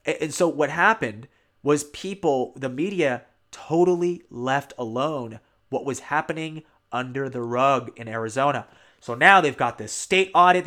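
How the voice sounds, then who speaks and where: A man with a somewhat high voice delivers a heated political monologue. He rambles, repeats phrases and restarts sentences, and drops mocking asides as he goes. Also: a bit bright. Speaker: political commentator.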